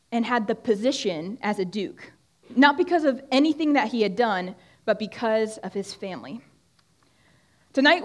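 A young woman giving a conversational Bible talk to a group, often restarting her sentences. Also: a little high. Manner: conversational, with frequent restarts and fillers. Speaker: student ministry speaker. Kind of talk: sermon-style Bible teaching. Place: room with a group of listeners.

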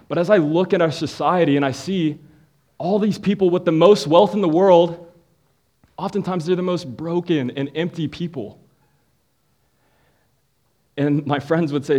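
A man's voice: fairly high pitch, moderate pace, a little mellow. A young man telling a playful comic story as a youth speaker before shifting into a sermon for a live audience.

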